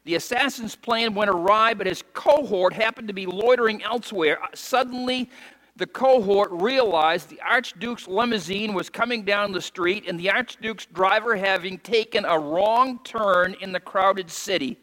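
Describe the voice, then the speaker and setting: A male pastor preaching with a high, bright, forceful voice. He swings from fervent near-shouts to hushed, tender lows. His voice rings out with a long reverb through a church hall. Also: normal speed. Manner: impassioned preaching that rises to shouts and drops to soft intimate lows. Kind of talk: sermon.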